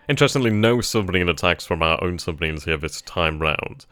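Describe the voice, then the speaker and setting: A man thinking aloud as he plays a strategy game, trailing off mid-sentence and bursting into giddy excitement at good news. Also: deep voice, quick pace, few pauses, no room sound, soft background music. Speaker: let's play gamer.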